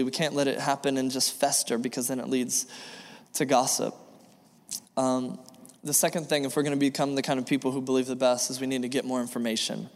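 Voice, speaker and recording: Male pastor, mid-pitch, earnest preaching, reverberant sanctuary sound. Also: flat delivery, quick pace. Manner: earnest, repetitive preaching with acted dialogue. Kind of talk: sermon. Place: church sanctuary. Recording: long reverb of a church hall.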